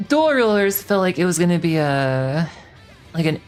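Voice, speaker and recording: A woman streamer with a notably low voice chats casually, rambling and swearing with a sarcastic edge. Faint guitar music plays quietly in the background. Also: big pitch swings, normal speed.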